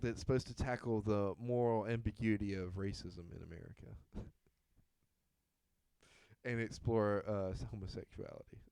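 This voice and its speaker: A man's voice: fairly low pitch, fairly even intonation, normal speed, mellow, smooth, no echo. A man co-hosting a podcast, joking around and laughing often. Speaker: podcast co-host. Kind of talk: casual podcast chat.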